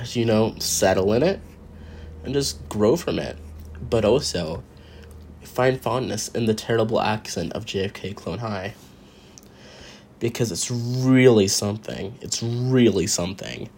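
A man's voice: lowish voice, a little mellow, a little hiss or hum. A man hosting a casual podcast, rambling and wry, interrupting himself as he talks while drawing. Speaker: podcast host.

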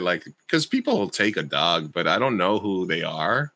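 A man's voice: low voice, big pitch swings, normal speed, hardly any pauses, sharp tone. A man hosting a podcast in casual chat, rambling and often restarting his sentences. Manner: rambling, self-correcting. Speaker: podcast host.

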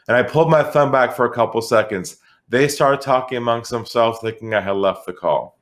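A man's voice: mid-range voice, brisk. A middle-aged man from San Diego telling a story as an interview guest, acting out the voices of the people in it. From San Diego, California. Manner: animated storyteller, acts out voices. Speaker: guest, sales expert.

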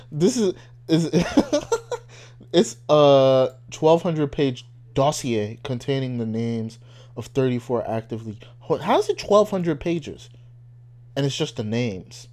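A young man from Nigeria chatting casually and joking, laughing often, animated and wry. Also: mid-range voice, slow pace. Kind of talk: casual chat.

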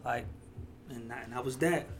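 Male podcast guest, easygoing and reflective, mid-pitched, faint noise in the room. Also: moderate pace. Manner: relaxed, slangy, reflective. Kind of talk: casual chat.

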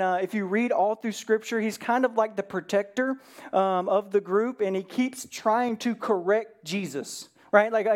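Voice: mid-range voice, a little mellow. A pastor preaching a conversational sermon, earnest, who often checks in with "right?" and briefly acts out the words of Bible figures.

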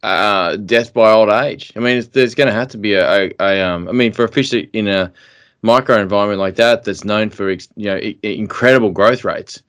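Low, smooth-voiced man. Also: brisk, a bit bright, dry recording. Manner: musing, calls people mate. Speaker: podcast host. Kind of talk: casual chat.

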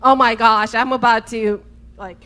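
Woman, high-pitched, bright, slow, giggly. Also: fairly even intonation. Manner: giggly, slow, often laughing. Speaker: co-host, wife. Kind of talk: casual storytelling chat.

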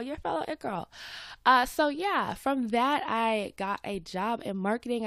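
A woman's voice: fairly low pitch, dry recording, studio quality. A woman in her twenties from Atlanta, with a light Southern accent and a slightly stuffed-up voice, hosting her podcast in an upbeat, chatty way. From Atlanta, Georgia, USA. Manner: chatty and upbeat, with a lively, swooping delivery. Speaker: podcast host. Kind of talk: casual chat.

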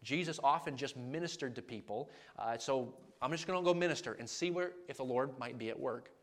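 Fast-talking evangelist man telling a story. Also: mid-range voice. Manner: animated storytelling, acting out dialogue. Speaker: evangelist preacher. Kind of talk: storytelling sermon.

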